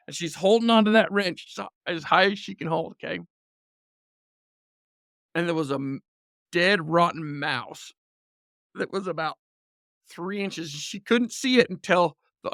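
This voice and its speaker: Gravelly-voiced man telling a story. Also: sits high, no echo, clean studio sound. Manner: animated storyteller, laughs often, acts out quotes. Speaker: podcast guest. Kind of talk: casual storytelling.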